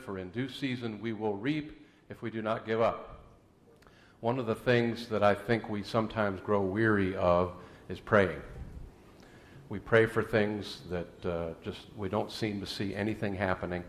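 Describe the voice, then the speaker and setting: A man's voice: on the low side, steady tone, measured pace, fairly bright tone, slight background noise. A man preaching a sermon as pastor, mixing scripture and prayer with folksy jokes and anecdotes, with some fillers and restarts.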